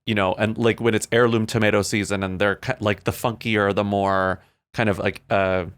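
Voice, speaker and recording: A man with a somewhat low voice talks as a podcast guest. He muses his way through his answers in hesitant fits, full of fillers and restarts. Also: flat delivery, moderate pace, a bit bright, clear, resonant tone. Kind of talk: casual chat.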